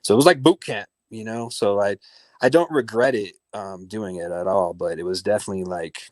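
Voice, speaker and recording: Fast-talking man telling a blunt story. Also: on the low side, dry recording. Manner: animated, blunt, acts out dialogue. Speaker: guest DJ. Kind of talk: casual storytelling in an interview.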